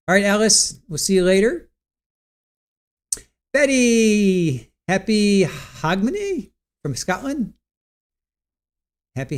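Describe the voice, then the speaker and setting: A man in his forties hosting a casual livestream, rambling, stumbling over words and reading viewer comments aloud. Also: a little high. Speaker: livestream host.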